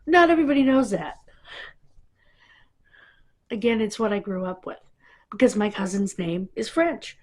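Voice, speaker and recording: A woman's voice: mid-range voice, normal speed, pauses often. A woman vlogger talking to camera in a casual, rambling monologue that wanders between tangents.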